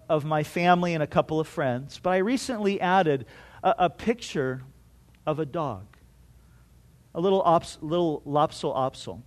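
High-voiced man preaching a sermon. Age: middle-aged. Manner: earnest storytelling with restarts and strong swings in loudness. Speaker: pastor.

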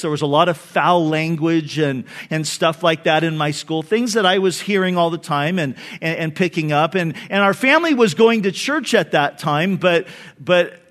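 A male pastor preaching a sermon, telling a personal story earnestly and dropping soft and low for memories.

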